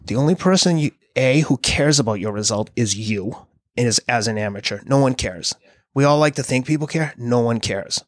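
A man's voice: medium pitch, animated, normal speed, no echo, clean studio sound. A man in his thirties, a podcast host, telling a rambling story in casual conversation, with many fillers and restarts. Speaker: podcast host, endurance athlete.

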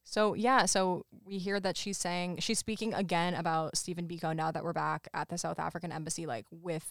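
A woman's voice: lowish voice, steady tone, fairly quick, dry recording, clean studio sound. A woman co-hosting a podcast, chatting casually and retelling movie scenes by quoting the characters. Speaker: podcast co-host. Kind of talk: casual chat recapping a movie.

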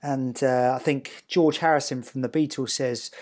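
A man's voice: mid-range voice, steady tone, normal speed, a little mellow. A man with a Southern English accent hosting an interview podcast in a chatty, encouraging way, full of restarts. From south of England. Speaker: podcast host. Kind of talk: casual interview chat. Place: home, northern England, evening.

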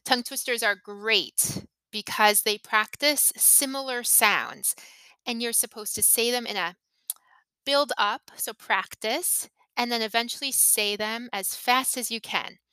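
A woman hosting an English podcast, slowly modeling tongue twisters and intonation for learners to repeat. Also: a little high, pushed and bright, smooth, dry recording. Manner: careful, deliberate modeling of intonation. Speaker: English teacher and podcast host. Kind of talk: slow, clear pronunciation lesson.

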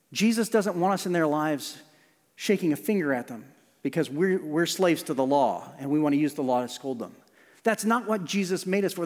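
Earnest pastor preaching in a reverberant hall. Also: male voice, a little high. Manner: earnest, shifts from loud emphasis to hushed near-whispers. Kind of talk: sermon.

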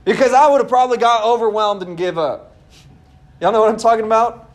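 High-voiced young man preaching a sermon. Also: brisk. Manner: conversational, earnest preaching with asides to the congregation. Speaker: pastor.

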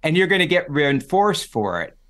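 A middle-aged man, a psychology professor, talking in a relaxed interview and acting out the voices he quotes. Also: fairly high pitch, normal speed. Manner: animated storyteller, acts out quoted voices. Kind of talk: casual conversational interview.

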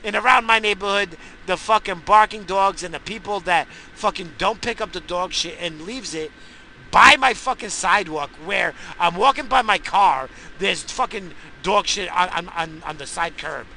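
Gravelly, sharp-voiced ranting man. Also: high-pitched, moderate pace, a little hiss or hum, low-quality recording. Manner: swears constantly, bursts into shouting. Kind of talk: profane angry rant.

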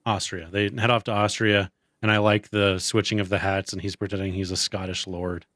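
Low-voiced young man chatting about a movie. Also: brisk, dry recording, clean studio sound. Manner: animated, acts out movie quotes in a high voice. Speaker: podcast co-host. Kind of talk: casual movie discussion.

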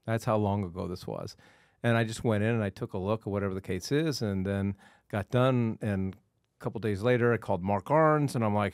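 A man hosting a real estate podcast, telling a story in an animated, emphatic way. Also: fairly low pitch, fairly quick, dry recording, clean studio sound. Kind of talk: casual chat.

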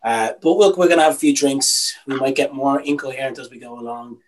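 A man's voice: medium pitch, fairly quick, crowd noise, low-quality recording. Opinionated Irish man ranting casually. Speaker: podcast co-host. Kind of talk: casual podcast chat.

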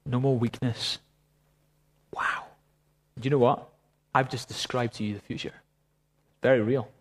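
A man's voice: medium pitch, fairly even intonation, measured pace. A man preaching a sermon, telling a story and then praying fervently. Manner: storytelling, rising to fervent prayer. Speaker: pastor.

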